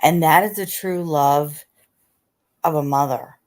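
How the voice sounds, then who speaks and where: A woman's voice: sits low, measured pace. A middle-aged woman hosting a casual live stream, talking in a chatty way, repeating herself and reading out viewer comments. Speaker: livestream host.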